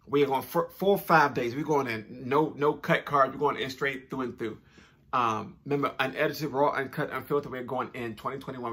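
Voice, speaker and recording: A young YouTube channel host talks casually straight into the camera, upbeat and chatty, using informal slang and repeating phrases. His medium-pitched voice is a bit bright with a breathy edge.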